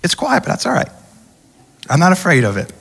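Man, pastor, sermon, bright voice, big church hall reverb. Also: sits high, wildly swooping pitch, brisk, gravelly, slightly rough. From United States. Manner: conversational preaching, acts out quoted voices, repeats words when restarting. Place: large church auditorium.

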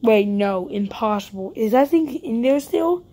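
A woman narrates a roleplay game as she plays it, talking straight to her viewers. Her voice sits a little high, and she turns jumpy at once, piling up quick panicked no's. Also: expressive, mellow. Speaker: YouTuber playing a roleplay game. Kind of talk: live gameplay commentary.

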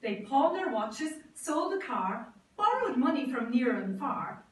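Theatrical woman storyteller, slow and very expressive; distant, reverberant room sound. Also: sits high. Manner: theatrical, lively. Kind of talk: recited comic verse. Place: large drawing room. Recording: echoey room from far off.

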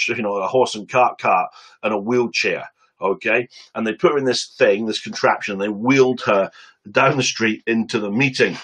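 A man preaching on a webcam stream, telling a story with lively acted-out quotes and quick asides. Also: on the low side, husky, low-quality recording.

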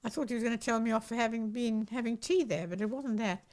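An older woman who flew as a wartime pilot recalls her stories in a documentary interview, a lively storyteller who acts out other voices and laughs often. Her voice is on the high side and she talks fast with hardly any pauses; the recording is rough.

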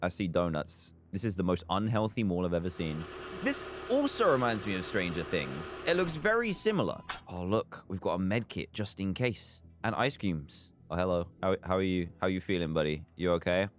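A young British man giving joking, animated commentary while playing a video game. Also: low-pitched, normal speed, background noise. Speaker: gaming video host. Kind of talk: let's play commentary.

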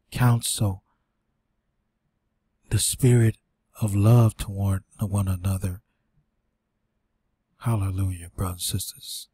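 A man's voice: on the low side, warm tone, slightly rough, no echo. A man teaching and reading scripture aloud in an informal sermon, short of breath, with restarts and asides. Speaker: preacher.

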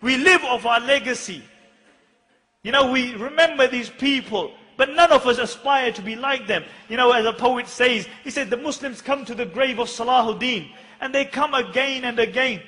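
Man, preacher, high bright voice, impassioned sermon, long hall reverb. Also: normal speed. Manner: impassioned, rising to urgent rhetorical questions. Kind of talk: fiery sermon.

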